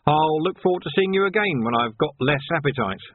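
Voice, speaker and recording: A man's voice: on the high side, lively intonation, brisk, dry recording, voice pushed up. A man reading a story aloud, voicing a worldly male city watch sergeant who speaks with understated irony. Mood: dry. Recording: dry, phone-like narrow sound.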